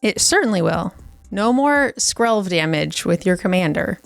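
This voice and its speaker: A woman playing a tabletop card game, teasing the others and quick to laugh. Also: fairly low pitch, expressive, vocal fry, dry recording, faint music behind. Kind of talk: casual tabletop game chat.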